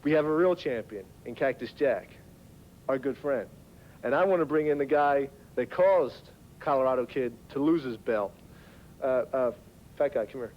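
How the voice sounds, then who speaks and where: A man's voice: medium pitch, normal speed. A man hosting a wrestling talk segment, cutting a mocking heel promo. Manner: taunting, mocking. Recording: lo-fi 1990s TV audio.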